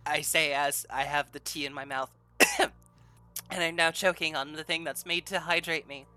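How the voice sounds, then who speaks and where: A woman's voice: sits low, moderate pace, pushed and bright, faint music behind. A woman hosting a tabletop game stream as dungeon master, bubbly and giggly, chatting casually with her players.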